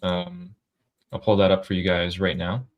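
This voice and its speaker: A man's voice: low voice, sing-song, moderate pace, dull audio. A man co-hosting a casual livestream, reading out news updates and reacting to them. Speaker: political commentary co-host.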